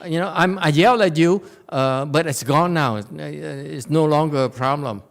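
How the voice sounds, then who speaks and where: A man's voice: fairly high pitch, moderate pace, gravelly, pitched above the performer's own voice. A man voicing a flustered, busy mother who scolds her kids and then apologizes, in an exasperated, rambling way. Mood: apologetic.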